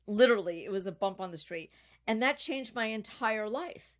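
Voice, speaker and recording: A middle-aged woman, guest on a podcast interview, telling a long personal story in an animated, chatty way. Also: mid-range voice, normal speed. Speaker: podcast guest, business founder.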